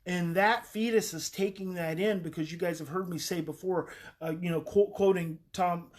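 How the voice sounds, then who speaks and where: A woman's voice: lowish voice, fairly even intonation, moderate pace, darkish tone. A woman talking earnestly and emphatically as a parenting advice host, repeating key phrases for weight.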